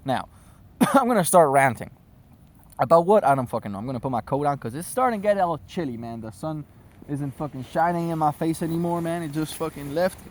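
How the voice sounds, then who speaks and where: A man's voice: fairly high pitch, animated, brisk, slight background noise. A man vlogging outdoors on his phone at sunset, rambling loosely with constant swearing. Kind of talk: casual rambling rant to camera.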